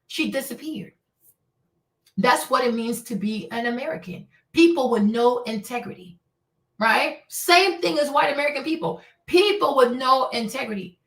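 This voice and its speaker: Indignant woman host, fairly high-pitched, blunt, salty-tongued, in a roomy echo. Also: expressive, moderate pace, fairly bright tone, far from the mic. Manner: indignant, blunt and profane, with rhetorical questions. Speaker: streamer and commentator. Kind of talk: livestream commentary. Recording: echoey room.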